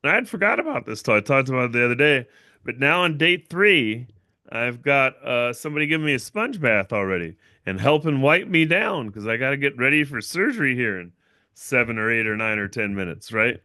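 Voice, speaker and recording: A man's voice: medium pitch, very animated, brisk, pushed and bright, dry recording, clean studio sound. A young man hosting his own livestream, telling a long personal story in a rambling, casual way and tagging his sentences with "right?". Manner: rambling, repeats himself, fillers like "right?". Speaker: channel owner and livestream host.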